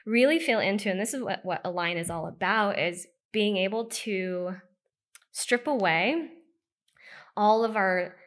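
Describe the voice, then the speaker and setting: A woman's voice: medium pitch, measured pace, fairly bright tone. A woman in her thirties from the United States, a podcast guest telling her own story in a casual, candid and emotional way, with many "like" and "you know" fillers.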